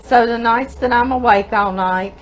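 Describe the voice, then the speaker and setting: A woman's voice: fairly high pitch, moderate pace, slight background noise, poor audio. A woman with a Louisiana Southern accent, hosting a home cooking show from her kitchen and reading viewer mail aloud in a tender, emotional way. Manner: tender, emotional, laughs often, calls listeners girl.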